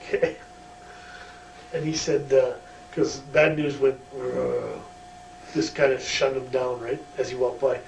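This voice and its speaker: A man's voice: mid-range voice, fairly even intonation, a little slow, long pauses, darkish tone. A man, a former wrestler, telling a backstage story in a shoot interview, profane and chuckling. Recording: roomy distant mic, faint hum.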